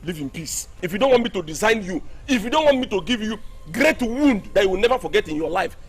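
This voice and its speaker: A man's voice: sits high, lively intonation, fast, husky, exaggerated voice. A man playing a boastful village bully. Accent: Nigerian. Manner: boastful threatening rants in pidgin-laced English. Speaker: film actor. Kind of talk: Nollywood film acting.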